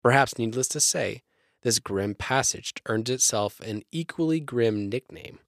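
A man's voice: medium pitch, lively intonation, a little slow, no room sound, clean studio sound. A young man co-hosting a podcast, reading his research notes steadily between jokes. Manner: reads notes steadily, breaks into joking voices. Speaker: podcast co-host. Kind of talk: reading research with comedic banter.

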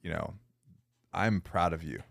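A man's voice: low voice, a little slow, creaky, a bit bright, no echo, studio quality. A man hosting a podcast, talking in a loose, casual way with swearing and "bro.". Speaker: podcast host. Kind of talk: casual interview chat.

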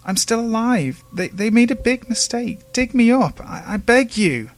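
A woman's voice: on the high side, lively intonation, unhurried, voice pushed up. A man voicing a desperate woman trapped in her grave, stammering and pleading to be freed. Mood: frantic. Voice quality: frantic, stammering pleas.

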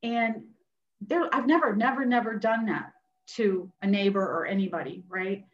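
A woman nurse practitioner telling a personal story as a guest, animated and acting out what others said. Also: mid-range voice, moderate pace. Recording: roomy, dull sound.

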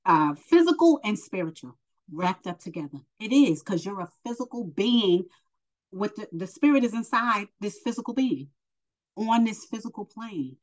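Woman giving a heartfelt little sermon, earnest and encouraging, kinda emotional, mid pitch voice. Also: big pitch swings, moderate pace, a little mellow, rough recording. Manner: earnest, encouraging, calls listener honey. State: emotional, near tears. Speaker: spiritual teacher. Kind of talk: informal preaching to camera.

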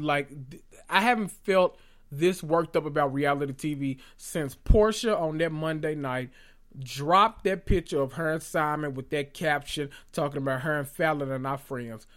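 A man with a somewhat high voice hosts a casual podcast. He talks straight to his listeners in a lively, sassy, profane way as he rants about reality TV. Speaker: podcast host. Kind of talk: casual reality TV gossip monologue.

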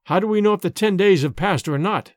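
A man's voice: sits high, brisk, no room sound, clean studio sound, close to an everyday voice. A man voicing a grim, fearful grown son who speaks solemnly and urgently in a storybook reading.

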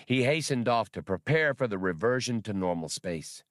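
A man reading a science fiction novel aloud as an audiobook narrator, with expressive storytelling. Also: lowish voice, moderate pace, dry recording, studio quality.

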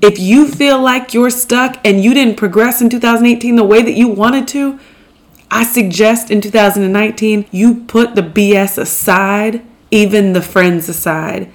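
A woman's voice: mid-range voice, normal speed. A young adult woman hosting a podcast, delivering an emphatic motivational monologue straight to her listeners. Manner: emphatic, pep-talk delivery. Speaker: podcast host.

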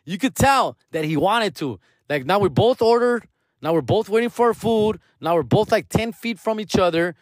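A man's voice: sits high, lively intonation, moderate pace. A young man telling a story in profane, slangy street talk, dropping Spanish words, as a comedian. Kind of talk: casual storytelling.

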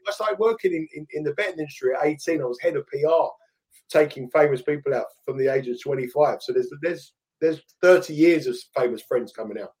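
Middle-aged English man, slightly high voice, loose rambling storyteller, podcast co-host. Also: a little fast, darkish tone. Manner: rambling anecdotes with restarts. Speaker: podcast co-host, betting pundit. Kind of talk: casual storytelling chat.

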